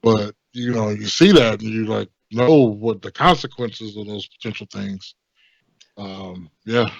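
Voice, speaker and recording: A man co-hosting a podcast who speaks in a reflective, measured way. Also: fairly low pitch, vocal fry, no echo, dull audio. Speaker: podcast co-host, wrestler. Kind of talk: casual podcast chat.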